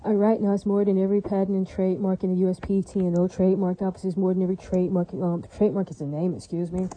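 A woman's voice: mid-range voice, little pitch movement, very fast, dark tone, poor audio. A woman delivering a rambling, emphatic and profane monologue, repeating herself often.

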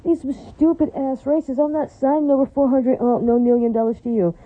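A woman's voice: high voice, steady tone, brisk, no echo. A woman delivering an angry, repetitive, profane rant to her viewers in a vlog. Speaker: vlogger. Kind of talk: ranting vlog monologue. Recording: dull lo-fi recording.

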